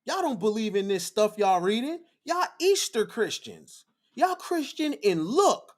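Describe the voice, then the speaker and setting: A man's voice: high-pitched, very animated, moderate pace. A man hosting a livestream, lecturing his viewers in a fiery, preachy monologue, repeating phrases for emphasis. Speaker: livestream host.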